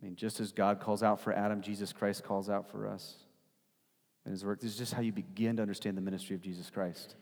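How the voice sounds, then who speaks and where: A man's voice: on the low side, little pitch movement, quick pace, a little mellow. A man preaching a sermon as pastor, emphatic and rhetorical, often tagging his points with "right?". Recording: long hall reverb.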